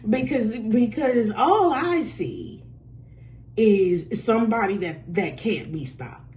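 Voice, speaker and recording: A woman's voice: medium pitch, animated, slow, darkish tone, a little hiss or hum. A woman giving a casual spoken tarot reading, blunt and profane and laughing often. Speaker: tarot reader.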